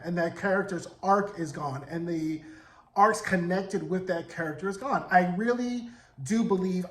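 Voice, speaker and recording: Sassy guy in his 40s doing a tv recap, high voice, echoey room. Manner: sassy, animated, acts out characters' lines in quick voices. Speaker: TV recap vlogger. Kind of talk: casual TV episode recap. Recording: roomy echo.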